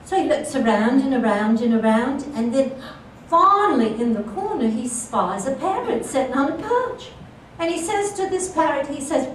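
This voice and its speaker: A woman's voice: sits high, very animated, normal speed, heavy reverb, distant mic, slight background noise, rough recording. A female comedian telling stories on stage in a theatrical way, sometimes singing bits of song. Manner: theatrical, sings snatches of song, laughs often. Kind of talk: stand-up storytelling in character.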